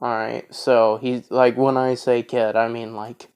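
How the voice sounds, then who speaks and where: A man's voice: medium pitch, little pitch movement, a little slow, a little mellow, smooth. A man in his twenties telling a story casually, rambling with lots of fillers and restarts. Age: 20s.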